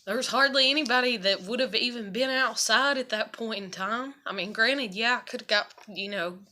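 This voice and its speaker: A woman speaks in a rambling, profane confessional vlog from her apartment. Her voice sits a little high and has a sharp, forceful edge. She leans heavily on fillers and swears freely. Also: normal speed. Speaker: vlogger. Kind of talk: casual confessional monologue.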